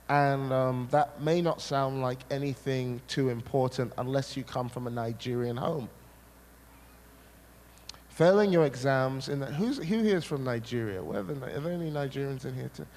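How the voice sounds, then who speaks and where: Man, from Scotland, sermon, animated storytelling, punchy repeats, joking with the crowd, long hall reverb. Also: medium pitch. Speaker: preacher. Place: large hall at a church seminar. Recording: echoey hall, faint noise.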